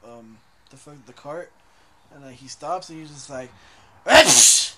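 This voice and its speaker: A man's voice: mid-range voice, normal speed. A man co-hosting a casual podcast, joking around in a profane, slangy way. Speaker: podcast co-host.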